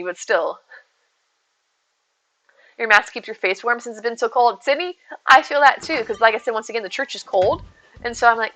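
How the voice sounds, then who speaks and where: A woman's voice: on the high side, fairly quick, long pauses, a bit bright, low-quality recording. A woman streaming a game, chatting casually and rambling to her viewers by name. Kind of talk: casual live-stream chat while gaming.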